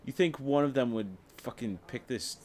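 A man's voice: mid-range voice, moderate pace, a little mellow, a little hiss or hum. A young man casually commenting on his gameplay, muttering, swearing in frustration, his voice cracking. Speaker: gameplay streamer.

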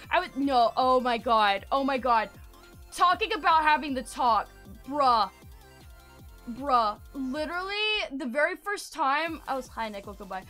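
A woman livestreamer telling rambling, animated stories in casual chat, filling her talk with fillers and greeting viewers as she goes. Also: high voice, normal speed, soft background music.

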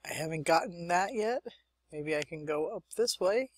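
A woman's voice: fairly low pitch, expressive, normal speed, no room sound. A young woman hosting a let's-play, chatting and thinking aloud as she plays, with muttered asides. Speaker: gaming channel host. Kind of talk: let's-play game commentary.

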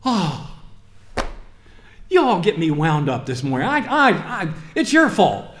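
A male pastor preaching a sermon in a church, moving from quiet asides to fervent, rising preaching. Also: fairly high pitch, very animated, measured pace, slight background noise. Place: church sanctuary. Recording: roomy church reverb.

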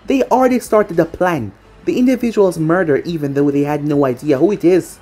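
A woman narrating a fan-fiction story with an expressive reading. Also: sits low, a little fast.

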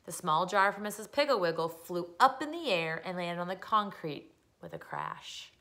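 A woman reading a children's story aloud, expressive and storytelling. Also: lowish voice, normal speed. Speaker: reader.

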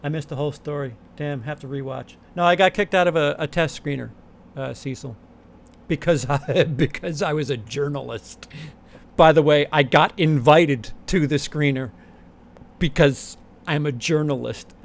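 A man's voice: fairly high pitch, normal speed, vocal fry. A young man hosting his channel, chatting casually in a rambling, profane way with lots of false starts and repeats. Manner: rambling, profane, many restarts. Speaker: channel host. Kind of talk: casual chat.

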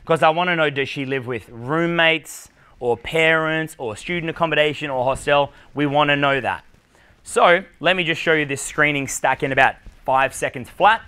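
Blunt, bright-voiced Australian coach. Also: male voice, fairly high pitch, moderate pace, clean tone. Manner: blunt, profane, punchy delivery. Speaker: dating coach. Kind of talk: live seminar talk. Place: conference room with live audience.

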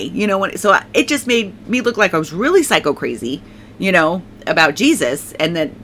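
Middle-aged woman sharing her faith testimony, bright voice, rambly and emotional, tons of you knows. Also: medium pitch, slight background noise. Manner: rambling, emotional, many restarts and fillers. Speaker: testimony speaker.

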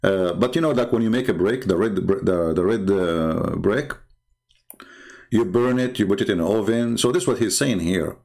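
Man, gravelly creaky voice, arguing loosely with lots of uh and restarts. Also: on the low side, a little mellow. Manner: argumentative, halting, many fillers and restarts. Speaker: religious commentator. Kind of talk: unscripted screen-share talk.

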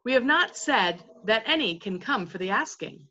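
A woman's voice: fairly high pitch, expressive, moderate pace, bright, forceful tone, highs cut off. A woman voicing a young king who addresses his crew in a stately, commanding manner.

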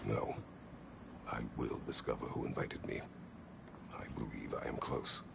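Kratos, a gravelly grim war god. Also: male voice, a bass voice, steady tone, a little slow, heavily acted. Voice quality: gravelly, terse. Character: stern gruff warrior god, terse and grim. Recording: noisy game audio.

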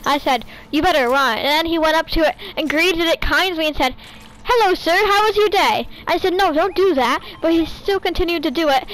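A woman with a high, light voice tells a long, meandering story over casual voice chat during a game. She fills it with "like" and "um" and keeps going in an easy flow, with faint noise behind her. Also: fairly bright tone, low-quality recording. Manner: rambling storyteller, full of "like" and "um". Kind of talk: casual voice chat while gaming.

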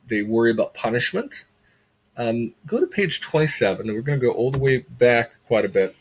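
A man's voice: medium pitch, slightly rough, poor audio. A man lecturing a class in a conversational way, often repeating words for emphasis and asking rhetorical questions. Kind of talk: classroom lecture on a graphic novel.

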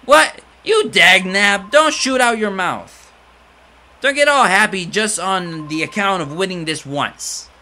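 Brash loud thug, a man putting on a higher, blustering voice for game dialogue read aloud. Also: lively intonation, unhurried, exaggerated voice. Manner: shouting, cocky taunts. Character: brash loud male street thug, boastful.

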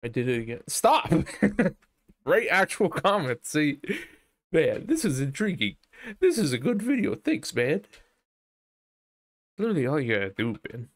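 A young man streaming a game live, rambling and cursing in casual commentary, with sudden shouts. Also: fairly high pitch, sing-song, moderate pace, pauses often. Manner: rambling, profane, sings and shouts in bursts. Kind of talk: casual let's-play commentary. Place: home streaming setup.

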